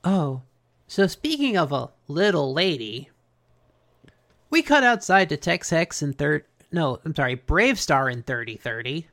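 Male podcast co-host, gravelly and unhurried, dry sarcastic recapper. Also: a little high, sing-song, fairly bright tone. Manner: sarcastic, acts out characters while recapping. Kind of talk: casual recap chat.

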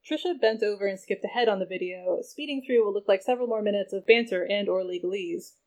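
A woman author chats casually over a video call and reads her own novella aloud with expression, laughing easily. Her voice is medium-pitched, and she talks quickly with hardly any pauses.

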